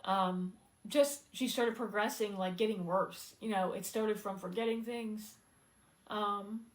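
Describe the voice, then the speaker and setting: A woman speaks on her own live stream in a loose, conversational way. She is heartfelt and close to tears, often stopping on fillers to steady herself and find her words. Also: on the high side, rough recording. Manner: heartfelt, halting, many fillers, fighting back tears. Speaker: singer-songwriter hosting a live stream. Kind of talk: casual live-stream talk.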